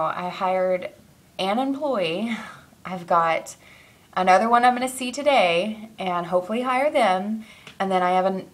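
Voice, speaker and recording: A young woman talks straight to her camera in a casual personal vlog. She rambles and trails off, filling gaps with ums and small laughs as she works through something emotional. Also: lowish voice. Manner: rambling, emotional, self-interrupting with fillers and laughs. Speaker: vlogger.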